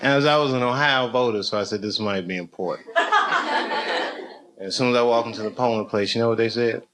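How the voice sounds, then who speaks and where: A man's voice: mid-range voice, big pitch swings, moderate pace, a loud crowd. A man telling loose, profane, rambling stories as a stand-up comedian on a comedy club stage. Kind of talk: live stand-up storytelling.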